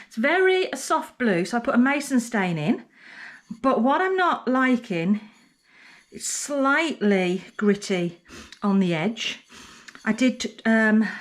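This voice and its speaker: A middle-aged woman potter chatting casually to camera in her pottery studio, talking herself through her work. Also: fairly high pitch. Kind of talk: casual vlog narration.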